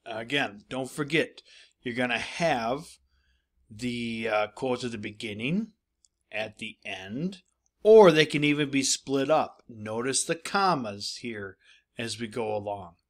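A male teacher gives a recorded lesson, explaining things step by step and speaking directly to his students. His voice is medium in pitch and expressive, and he goes at a slow pace.

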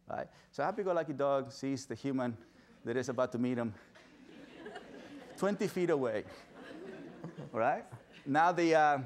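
Animated man. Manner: acts out excited dog lovers in high squealing voices. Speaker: dog behaviorist speaker. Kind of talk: animated storytelling talk. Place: event stage.

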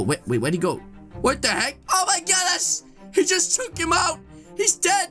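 A man's voice: extremely high pitch, sharp tone. Hyped young man narrating a game. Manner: hyped, exclamatory, addresses viewers as guys. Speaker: gaming YouTuber. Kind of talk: excited gameplay commentary.

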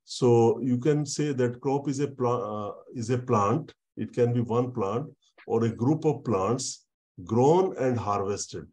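Male lecturer, mid pitch, dark warm voice, halting video-call teaching. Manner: explains slowly, repeats words, many fillers. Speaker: university lecturer. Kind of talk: online lecture.

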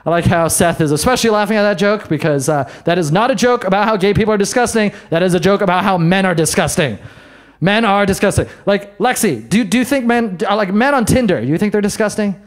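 A man doing a stand-up set in a comedy bar, brash and self-mocking, with quick asides to the crowd. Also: high voice. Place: comedy bar in front of a live audience.

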